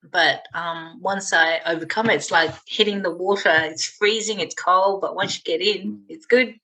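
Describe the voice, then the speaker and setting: A woman's voice: fairly low pitch, steady tone, normal speed, pushed and bright, rough recording. A woman in a casual group chat who talks playfully and teases the others. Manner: playful, teasing, laughs easily. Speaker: group discussion participant.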